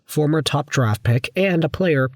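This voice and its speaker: A man with a hoarse voice from a viral infection, talking about hockey in a chatty, conversational way as a YouTuber. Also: fairly high pitch, unhurried, a little mellow, no room sound, clean studio sound. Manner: chatty, conversational, with frequent asides. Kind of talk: casual sports commentary.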